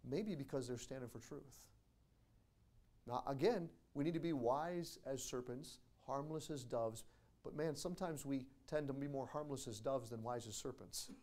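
A pastor preaching to his congregation in a church, his voice sitting at an ordinary middle pitch for a man. He talks plainly, quotes scripture slowly, and presses toward loud, emphatic climaxes. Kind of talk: sermon. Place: church sanctuary.

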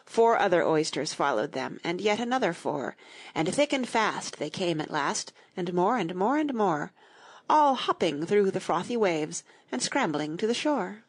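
A woman narrating a children's audiobook, reading rhymed verse in an expressive, rhythmic way. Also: fairly low pitch, measured pace, breathy edge.

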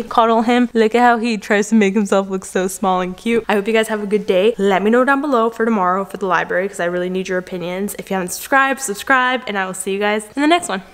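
A woman vlogging casually from home, chatting and rambling as she talks to her viewers, full of "like" and asides. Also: fairly high pitch. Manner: chatty, rambling, heavy use of "like". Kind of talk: casual vlog chat to camera. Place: at home in a room with bookshelves.

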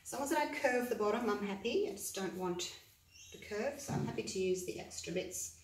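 A chatty woman demonstrating a paint pour, practical and encouraging, her pitch sitting in a middle range. She is recorded from some way off the mic in an echoey room, with a faint hiss underneath. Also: animated, fairly quick, far from the mic. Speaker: hobby paint-pouring vlogger. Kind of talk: casual demonstration talk. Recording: roomy echo, voice from away from the mic.

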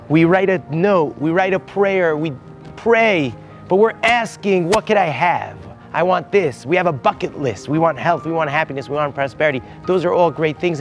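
A man's voice: on the high side, normal speed, faint music behind. A man, a rabbi and tour guide, telling a heartfelt story to visitors outdoors at a holy site, with Hebrew phrases mixed in.

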